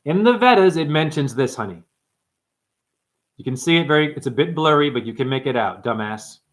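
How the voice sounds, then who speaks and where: A man hosting a rambling livestream, talking brashly to his chat. He swears, calls viewers "honey" and "dumbass", and jumps between topics in quick asides. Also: a little high, expressive. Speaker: livestream host.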